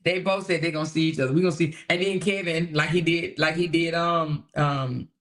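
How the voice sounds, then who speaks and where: A woman hosts a livestream, reading viewer comments in a low-pitched voice and chatting briskly, animated, laughing and gossipy.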